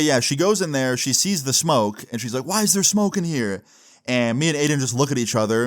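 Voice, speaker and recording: Young man, casual storytime, animated retelling, average pitch. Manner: chatty, animated retelling with acted quotes.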